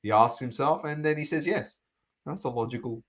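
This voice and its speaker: A man's voice: medium pitch, a little fast, fairly bright tone. Emphatic ranting man. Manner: emphatic, ranting, repeats phrases. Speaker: podcast co-host. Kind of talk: casual chat.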